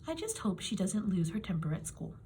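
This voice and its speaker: Stern caring old guardian lady read by a woman, brisk, firm, soft-spoken. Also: mid-range voice, very animated, slight background noise, close to an everyday voice.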